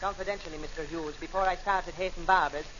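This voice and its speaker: A man's voice: high-pitched, fairly even intonation, quick pace, sharp tone, slight background noise, pitched below the performer's own voice. A man doing a blustering barber-hating crank in a brogue. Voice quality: stage brogue, says "me" for "my". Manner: blustering, bursts into indignant outbursts. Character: stubborn long-haired man who hates barbers. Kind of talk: 1940s radio comedy sketch. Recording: dull lo-fi old radio broadcast.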